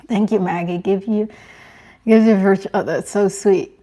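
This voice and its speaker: A young woman hosting a casual live stream, reading viewers' comments aloud and talking in a soft, emotional, halting way with many restarts. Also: mid-range voice, fairly even intonation.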